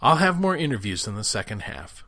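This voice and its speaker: A man's voice: mid-range voice, sing-song, brisk, sharp tone, soft background music. A man hosting a radio show, making an earnest, direct appeal to his listeners to support it. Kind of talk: promo read to listeners.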